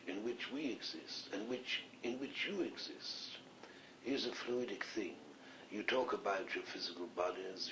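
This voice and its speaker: On a distant, echoey archive recording with a faint hiss, a low-pitched, slightly bright man with a light Scottish accent acts as a séance's spirit communicator. His speech is earnest and wandering.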